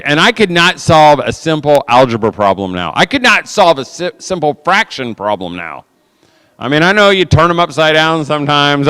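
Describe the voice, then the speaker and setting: A man's voice: mid-range voice, smooth, long reverb tail. A man speaking to an audience as a conference speaker, telling stories and acting out other people's voices. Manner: animated, acts out quoted voices. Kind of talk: storytelling talk to an audience.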